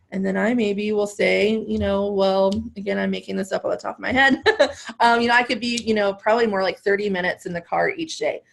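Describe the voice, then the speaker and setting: A woman's voice: mid-range voice, steady tone, a little fast, creaky. A woman sales trainer coaching a live role-play webinar, upbeat and laughing often as she acts out both sides of a call.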